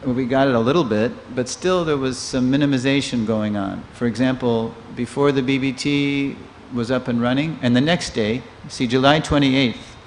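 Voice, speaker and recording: An older man lectures in a temple hall, his voice carrying a long reverb over a faint hiss. He is a lively storyteller who slips into the voices of the people he quotes, with an ordinary mid-pitched tone. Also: moderate pace, few pauses. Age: 60s. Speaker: lecturer giving a scripture class. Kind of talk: storytelling scripture class.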